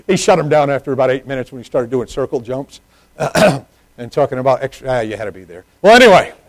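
Preacher man swinging hushed to loud. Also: mid-range voice, fairly quick, no echo, low-quality recording. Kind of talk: sermon with personal stories.

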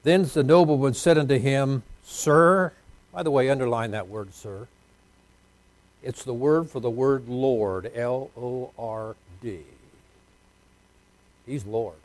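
A pastor preaching a folksy sermon, swinging between loud emphatic lines and hushed ones. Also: male voice, medium pitch, slow, long pauses, no room sound.

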